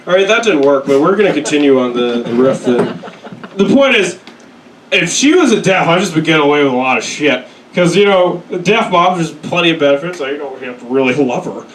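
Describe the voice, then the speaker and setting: A man's voice: on the high side, a little hiss or hum. Young man doing crude stand-up. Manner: crude, self-deprecating storytelling with quick put-on voices. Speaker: stand-up comedian. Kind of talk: stand-up set. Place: comedy club stage. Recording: echoey room, mic at a distance. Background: audience laughter.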